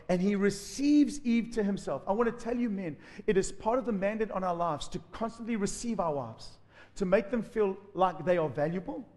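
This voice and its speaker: A man preaching a sermon as pastor, lively, acting out quotes. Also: high voice, in a large hall. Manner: animated preaching with acted-out quotes.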